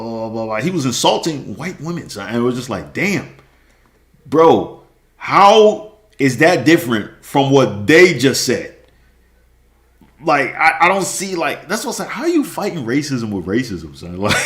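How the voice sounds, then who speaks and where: A man's voice: medium pitch, fairly bright tone, reverberant. A man ranting in casual slang on a stream, repeating himself and laughing often. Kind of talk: casual rant.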